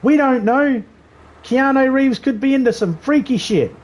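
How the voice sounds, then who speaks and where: A man's voice: extremely high pitch, a little slow, a little mellow. A man streaming a video game live, riffing in crude, rambling banter and laughing at his own jokes.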